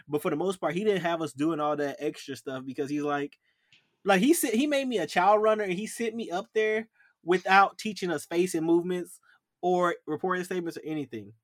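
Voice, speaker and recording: A young man spins stories in a loose, slangy way, acting out the voices of people who yelled at him. His voice sits a little high. The recording is close and dry. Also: brisk, no room sound. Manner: animated, acts out yelled quotes, slangy. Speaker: podcast co-host. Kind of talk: casual storytelling chat.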